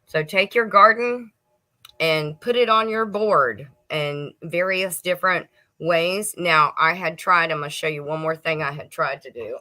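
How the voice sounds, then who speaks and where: A middle-aged woman chats casually on a homestead livestream from her kitchen. Her voice sits on the low side yet sounds bright and forward. She talks easily to viewers, laughing and snacking as she goes. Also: unhurried. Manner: chatty, laughs and munches while talking to viewers.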